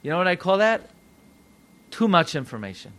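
A rabbi preaching a sermon, animated and full of rhetorical questions to his listeners. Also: sits high, normal speed.

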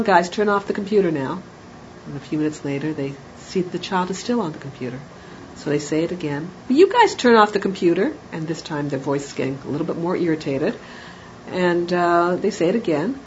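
A woman talks through parenting advice in a calm, explanatory lecture style. Her voice sits on the low side. The recording is dull and lo-fi, with a faint hiss underneath. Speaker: parenting educator. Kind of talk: spoken lecture. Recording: dull lo-fi audio with faint noise.

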